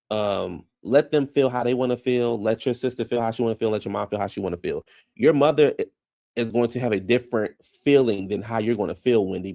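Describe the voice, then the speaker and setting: A man's voice: fairly low pitch, vocal fry, warm tone, no room sound, clean studio sound. A man casually recapping a reality TV episode, chatty and frank, often trailing off and restarting mid-thought.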